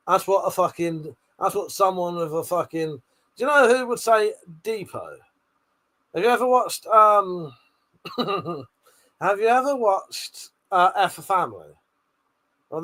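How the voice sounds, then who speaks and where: A man's voice: high-pitched, sing-song, unhurried, long pauses, sharp tone. A man on a live stream, reading chat comments aloud in a brash, sweary, jokey way with frequent laughter.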